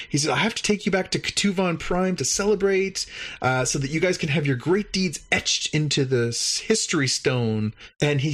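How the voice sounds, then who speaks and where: A man hosting a podcast, casually recapping an episode and acting out the lines he quotes. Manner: animated, acts out quoted lines in higher voices. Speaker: podcast host.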